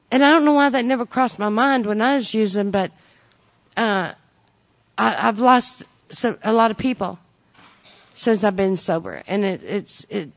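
A woman sharing her recovery story with a group. She speaks in a folksy, joking way. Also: medium pitch. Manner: folksy and joking, with frequent "you know" and "y'all". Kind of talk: personal testimony to a recovery group.

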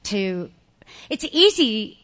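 A woman giving a candid, animated personal testimony to an audience, laughing often as she talks. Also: medium pitch, extremely slow. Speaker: speaker sharing recovery story.

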